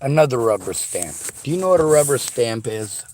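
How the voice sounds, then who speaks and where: A man's voice: medium pitch, big pitch swings, a little fast, darkish tone, slight background noise. A man delivering a sarcastic, profanity-laced rant straight to his audience. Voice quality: sarcastic, combative. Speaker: vlogger. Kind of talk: angry profane rant to camera.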